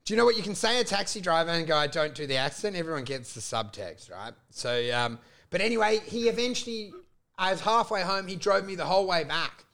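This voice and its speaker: A man, a comedian telling sweary, animated stories in casual chat on a podcast. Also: high-pitched, fairly quick. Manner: animated storytelling, sweary, laughing.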